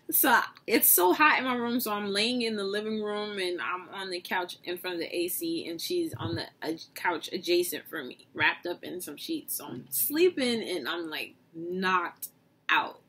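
A young woman vlogger telling a casual storytime, animated and often breaking into laughter. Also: fairly low pitch, unhurried, breathy edge.

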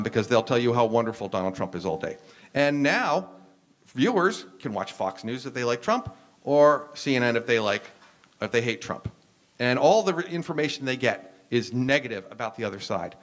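An American university professor speaking on a panel, explaining at length with frequent "um"s and restarts. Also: male voice, mid-range voice. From United States. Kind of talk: lecture-style discussion.

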